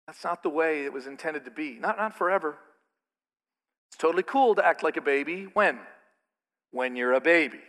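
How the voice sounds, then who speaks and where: Middle-aged male pastor, high bright voice, preaching in a long-echo church hall. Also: moderate pace, pauses often. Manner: animated, with mocking put-on asides. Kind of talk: sermon. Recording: reverberant hall.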